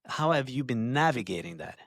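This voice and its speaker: A man's voice: medium pitch, big pitch swings, fairly quick, fairly bright tone, no echo, clean studio sound. A man hosting a podcast interview, asking loose, rambling questions full of fillers. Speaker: host.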